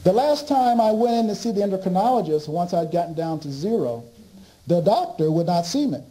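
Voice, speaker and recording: A man's voice: high-pitched, a little fast, rough recording. A man giving a storytelling talk as a speaker and author, acting out his conversations with doctors and restarting his sentences. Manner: animated, acts out dialogue with doctors.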